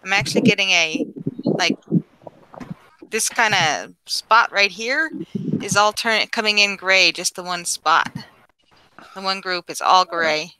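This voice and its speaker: Giggly Newfoundland woman, bright and slow. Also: mid-range voice, clear, resonant tone, rough recording. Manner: giggly, halting and self-interrupting. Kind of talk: casual group chat. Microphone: video call.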